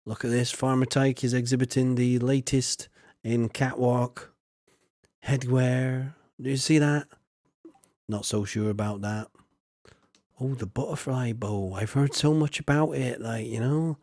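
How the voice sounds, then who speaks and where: Guy rambling and joking through a game stream, mid pitch, dry close sound. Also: fairly even intonation, measured pace, darkish tone, no echo. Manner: chatty, jokey, reads chat aloud. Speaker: streamer playing a farming game. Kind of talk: casual gaming commentary.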